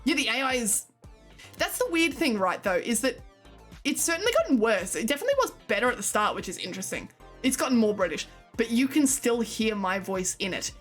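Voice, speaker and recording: High, exaggerated young woman streamer. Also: a little fast, soft background music. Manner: exaggerated, expressive delivery; swears casually, laughs often. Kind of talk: casual live-stream chat.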